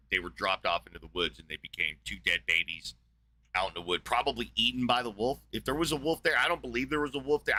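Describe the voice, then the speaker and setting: Southern host, low-pitched, sharp bright voice, crude and needling. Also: male voice. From Florida, US Southeast. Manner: crude, mocking, argumentative. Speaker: podcast host. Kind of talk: live debate call.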